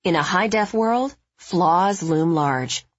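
A woman narrating a novel in the first person with steady, measured storytelling. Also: lowish voice, no room sound, highs cut off. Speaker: audiobook narrator.

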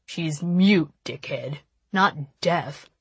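A woman's voice: low-pitched, fairly even intonation, measured pace, no room sound. A woman reading an audiobook, voicing a protective teenage boy who speaks bluntly and snaps out warnings. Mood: snarling. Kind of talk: audiobook character voice.

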